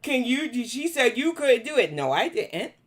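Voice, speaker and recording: Woman host with a New York accent, slightly high voice, blunt and cussing, live commentary. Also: sing-song, moderate pace. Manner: blunt, profane, confrontational. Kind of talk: live commentary and chat replies.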